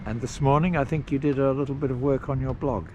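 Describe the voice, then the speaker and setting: A man narrating a casual travel vlog outdoors at a campsite, unhurried and rambling with pauses and fillers. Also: medium pitch, fairly even intonation, dull audio, noisy background. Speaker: travel vlogger.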